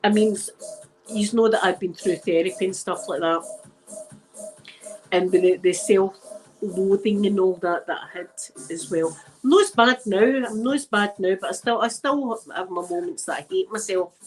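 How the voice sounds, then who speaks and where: A Scottish woman running an ASMR channel, a little drunk, talks with viewers in a frank, wandering live chat. Her mid-range voice is slightly mellow at normal speed, soft music plays in the background, and the audio quality is poor.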